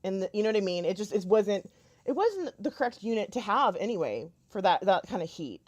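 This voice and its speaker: A woman's voice: mid-range voice, big pitch swings, fairly quick. A young woman chatting casually into her camera, telling a long story with many fillers and restarts. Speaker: YouTuber. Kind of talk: casual storytelling while doing makeup.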